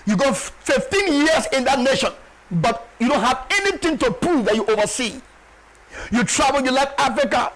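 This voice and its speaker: A male pastor delivering a sermon in an emphatic, repetitive way and often shouting. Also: very high voice, a little hiss or hum, low-quality recording.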